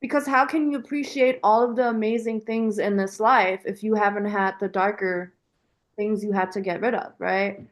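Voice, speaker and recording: A woman's voice: mid-range voice, steady tone, normal speed. A woman guest on a podcast, talking casually and animatedly with lots of filler words. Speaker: podcast guest, business founder. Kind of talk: casual conversational interview.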